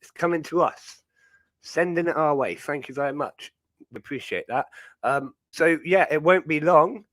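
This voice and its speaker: Young British male host, casual rambling chat, slightly high voice, dry close sound. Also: normal speed, a bit bright, dry recording. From Britain. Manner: rambling, chatty, many fillers. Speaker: livestream host.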